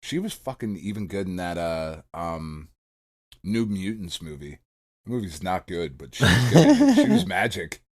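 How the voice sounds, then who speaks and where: A man's voice: low-pitched, very animated, moderate pace, crowd noise. A middle-aged man co-hosting a podcast, chatting casually and swearing freely. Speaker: podcast co-host. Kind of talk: casual chat.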